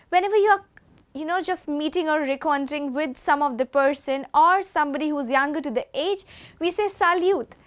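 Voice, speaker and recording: A woman with an Indian English accent, an assistant professor giving a lesson on French greetings and repeating each word slowly. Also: high-pitched, a bit bright. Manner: slow repeated pronunciation drills. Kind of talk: classroom lesson.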